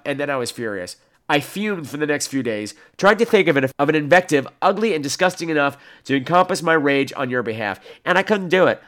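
A man's voice: fairly high pitch, a bit bright. A man hosting a casual solo podcast, reading listener mail aloud in a campy, sassy, wisecracking way. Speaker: podcast host.

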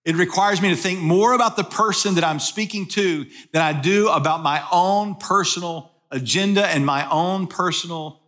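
Pastor, male, high bright voice, chatty sermon delivery full of rhetorical questions. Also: normal speed, hardly any pauses. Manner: conversational, asks rhetorical questions.

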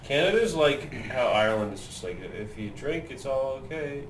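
A man in casual chat with friends, cracking dark deadpan jokes. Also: medium pitch, normal speed, slight background noise. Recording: echoey room, mic far off.

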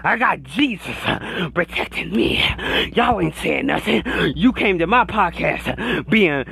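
High, gravelly man ranting like a preacher. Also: animated, a little slow, bright, forceful tone, no echo. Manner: preachy, laughs between phrases, profane. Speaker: podcaster. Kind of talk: ranting mock sermon to camera.

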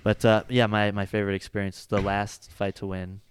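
A man's voice: lowish voice, little pitch movement, brisk, a little hiss or hum. A jiu-jitsu coach chatting casually in an interview, rambling and filling his sentences with "like" and "you know.". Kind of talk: casual chat.

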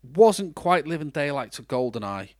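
A man's voice: fairly high pitch, big pitch swings, moderate pace, no echo. A man co-hosting a casual podcast, chatty and self-mocking, talking with lots of restarts. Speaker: podcast co-host. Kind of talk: casual chat.

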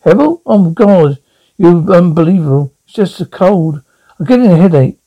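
Cranky then chillingly calm retired husband, high gravelly voice, dull TV sound. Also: male voice, moderate pace. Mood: irritated. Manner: irritable, then calm and creepy. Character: bitter retired husband, coldly menacing later. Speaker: retired husband turned taxidermist.

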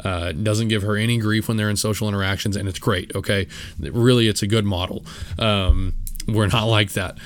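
A man's voice: on the low side, steady tone, normal speed, no echo. A young man talking casually on his solo podcast, rambling with many fillers and restarts, and poking fun at himself. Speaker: podcast host.

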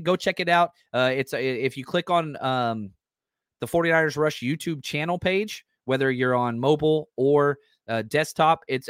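Male sports podcast host, casual and hyped, average pitch, dry booth sound. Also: no echo. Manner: excitable, hype-driven.

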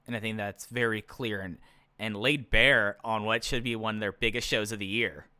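A man's voice: on the low side, fairly even intonation, normal speed, pushed and bright, clean tone, no echo. A man co-hosting a podcast, chatting casually and with strong opinions, often restarting his sentences. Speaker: podcast co-host. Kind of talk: casual chat reviewing a wrestling show.

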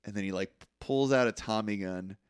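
A young man co-hosting a podcast, recapping a film in a casual, animated and profane way. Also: lowish voice, normal speed, smooth, no room sound, studio quality. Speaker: podcast co-host.

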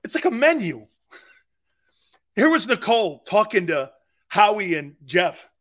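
A man's voice: high-pitched, big pitch swings, unhurried, a bit bright. A man hosting a sports radio show, talking in a rambling, jokey monologue, laughing often and slipping into silly voices. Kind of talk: animated sports talk monologue.

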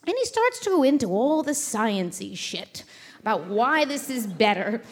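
A woman's voice: fairly high pitch, big pitch swings, moderate pace. A woman host telling a brash, profane comic story on a theater stage before a live audience.

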